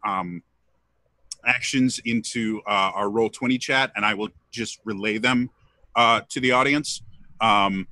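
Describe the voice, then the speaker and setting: A man hosting a live tabletop role-play stream as game master, chatting casually with hesitant pauses and frequent laughter. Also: medium pitch, bright, forceful tone, dry recording.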